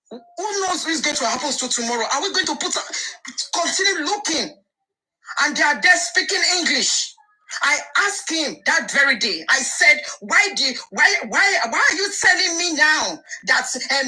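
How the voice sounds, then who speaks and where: Nigerian woman, heated live chat, insistent and repetitive, high, very bright tone. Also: low-quality recording. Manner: angry, insistent, repeats herself, mixes in Yoruba. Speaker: caller in a live audio discussion.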